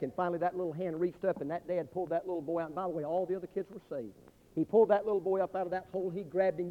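A high-voiced male preacher telling a sermon story, dramatic and swinging between loud and hushed passages. The recording is dull and lo-fi, and a long reverb hangs in the hall.

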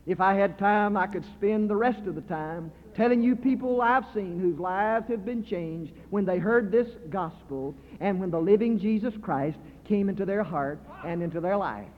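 Older high-voiced preacher with hall echo. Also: male voice, moderate pace, few pauses. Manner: impassioned, swings from hushed to shouting. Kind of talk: sermon. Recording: dull lo-fi sound with long hall reverb.

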